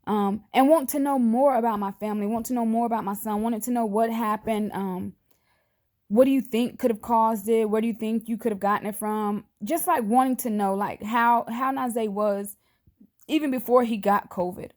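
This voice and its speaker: A grieving mother fights back tears while recording a personal video message to the camera, her fairly high voice steady and a little mellow. She speaks earnestly but haltingly, and her sentences often trail off.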